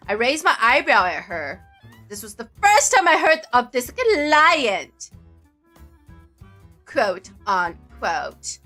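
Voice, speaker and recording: A woman streamer narrating a visual novel with playful, jokey, excitable asides. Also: high-pitched, a little slow, faint music behind. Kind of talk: playful game commentary and narration.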